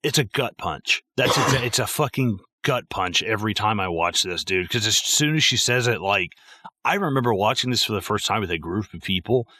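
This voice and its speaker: Man, casual film chat, bright tone, dead-dry sound, swears a lot, acts out scenes. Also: on the low side, fairly quick, no room sound. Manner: profane, animated, acts out film quotes. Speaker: podcast co-host. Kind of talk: casual movie discussion.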